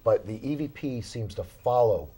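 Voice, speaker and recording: A man's voice: on the low side, lively intonation, moderate pace, warm tone, husky. A man, a paranormal investigator guest in a small studio, telling his stories in a casual interview with many fillers and restarts.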